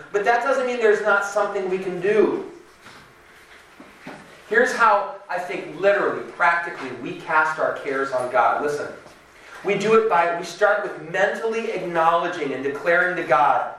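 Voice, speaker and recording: A man preaching a sermon in a conversational, animated way, acting out the voices of people he quotes. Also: sits high, moderate pace, heavy reverb, far from the mic, rough recording. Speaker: pastor.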